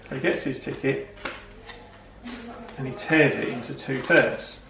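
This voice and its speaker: A man's voice: medium pitch, a little slow, gravelly. A middle-aged man, telling a rambling joke and chatting casually to camera at home. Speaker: vlog host. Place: home, indoors. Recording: roomy, from far off camera.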